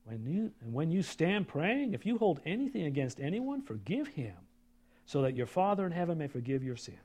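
A pastor delivers a sermon, reading scripture aloud and pausing for asides to his congregation, moving between loud, emphatic passages and low, quiet comments. His husky voice is very animated, and he speaks at a normal speed.

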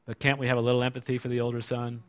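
A man's voice: medium pitch, completely flat delivery, very fast. A male preacher giving a conversational sermon and asking the congregation rhetorical questions.

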